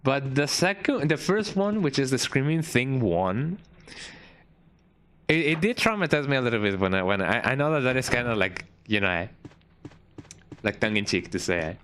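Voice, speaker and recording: A man's voice: mid-range voice, lively intonation, normal speed, fairly bright tone, slight background noise. A man giving casual, rambling gameplay commentary while streaming, often tagging his sentences with "eh?" and restarting them. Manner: rambling, frequent "eh?" tag and restarts.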